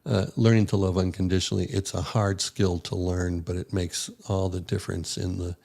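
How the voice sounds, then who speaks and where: A man's voice: low voice, level tone, normal speed, gravelly, darkish tone. An older man, a retired naval officer, telling a personal story in a casual, folksy way and acting out the quotes. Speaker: podcast guest, retired rear admiral.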